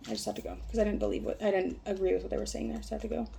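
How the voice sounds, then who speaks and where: A woman vlogger who reads a text aloud haltingly and breaks off into rambling, profane talk. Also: mid-range voice, flat delivery, creaky, noisy background. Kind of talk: reading aloud and casual ranting.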